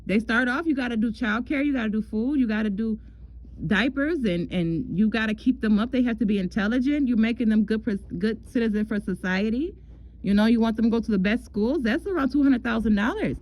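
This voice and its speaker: A woman's voice: a little high, expressive, fairly quick, darkish tone, rough recording. A woman giving a casual astrology love reading in a chatty way, repeating herself and calling the listener "girl". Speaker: tarot love reader.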